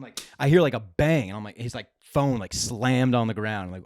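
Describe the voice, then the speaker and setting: A young man co-hosting a comedy podcast, telling an animated, profane story in casual chat. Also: medium pitch, fairly quick, few pauses, no room sound.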